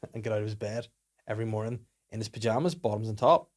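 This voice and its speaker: Fast-talking man, jokey podcast host. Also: lowish voice, flat delivery. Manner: rambling, jokey storytelling. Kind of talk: casual comedy chat.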